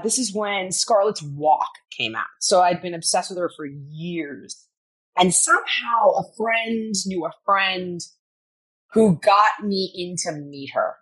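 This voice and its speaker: A woman's voice: on the low side, husky. A middle-aged woman telling stories as a guest in a casual interview, acting out quotes and swearing freely. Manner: animated storyteller, acts out quotes, swears freely, laughs often. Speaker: guest, fitness personality.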